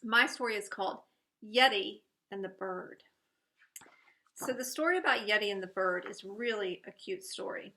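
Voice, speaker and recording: A woman reading a bedtime story to small children at a church. She is gentle and expressive and speaks directly to her young listeners. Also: mid-range voice, normal speed.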